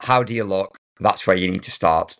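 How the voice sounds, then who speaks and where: A man's voice: deep voice, moderate pace, a bit bright. A man co-hosting a podcast in casual chat, speaking in a dry, teasing way. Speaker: podcast co-host.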